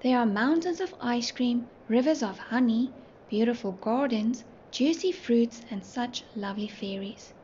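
A woman voicing Dolly, an excitable little girl doll who exclaims at what she sees. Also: a little high, measured pace, close to an everyday voice. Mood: excited. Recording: muffled, faint hiss.

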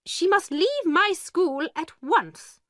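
A woman voicing a stern, cold, angry schoolmistress in a storybook reading, with a sharp, commanding manner. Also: very animated, slow pace, dry recording, clean studio sound, heavily acted. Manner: sharp, commanding, raised and higher.

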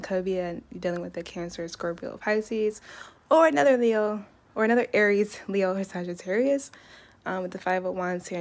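Woman reading tarot cards, chatty and animated, talks with lots of emphasis. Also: lowish voice. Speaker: tarot reader.

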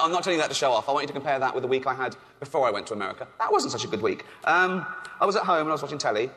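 A man from England doing a deadpan, offhand stand-up routine on stage at a charity event. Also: fairly high pitch, long reverb tail. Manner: deadpan, offhand, with frequent ums and chuckles. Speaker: stand-up comedian. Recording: noisy live venue.

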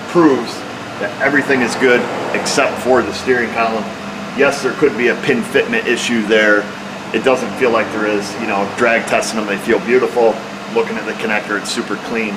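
A man's voice: on the low side, background noise. A man working on a car, explaining a repair step by step in a plain, hands-on way. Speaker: auto repair technician. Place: car repair shop, at the vehicle.

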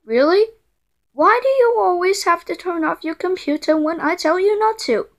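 A woman's voice: very high-pitched, lively intonation, moderate pace. A woman doing a bossy scolding computer error. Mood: angry scolding. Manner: scolding, repeated threats, stammering restarts.

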